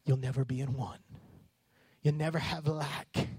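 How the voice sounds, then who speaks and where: A high-pitched man preaching with fiery passion, his voice climbing into shouts at the peaks. The sound is close and dry, with no room echo. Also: level tone, measured pace, slightly rough. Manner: passionate, rising to shouts on key lines. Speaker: pastor. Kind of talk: sermon.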